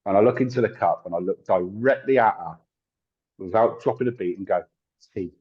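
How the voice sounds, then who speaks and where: Husky man telling stories. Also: on the low side, brisk. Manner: chatty, laughs often, acts out quoted voices. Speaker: guest, tarot reader and psychic medium. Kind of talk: casual storytelling in an interview. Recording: dull lo-fi sound.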